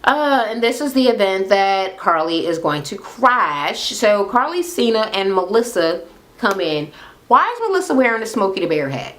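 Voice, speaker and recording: Profane woman ranting a reality recap. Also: normal speed. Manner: animated, acts out quotes with pitch jumps and laughs. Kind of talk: profane casual recap rant.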